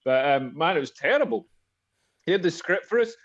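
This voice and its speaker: A man's voice: a little high, expressive, a little fast. A man co-hosting a podcast, telling a rambling comedic anecdote in casual chat full of fillers. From Britain. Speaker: podcast co-host. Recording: dull lo-fi podcast audio.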